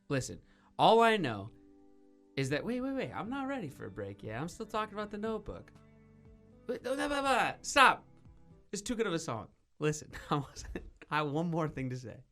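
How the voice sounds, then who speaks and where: Animated, rambling male radio host. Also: fairly high pitch, brisk, soft background music. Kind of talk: casual radio banter.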